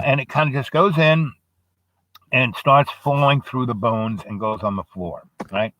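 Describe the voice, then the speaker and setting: A man's voice: mid-range voice, a bit bright, dry recording. A man telling a meandering story off the cuff, with many fillers and asides. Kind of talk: rambling spoken storytelling.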